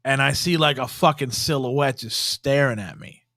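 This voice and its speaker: A man's voice: medium pitch, normal speed, fairly bright tone, dry recording, clean studio sound. Profane, rambling man telling a ghost story. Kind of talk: casual podcast storytelling. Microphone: podcast studio mic.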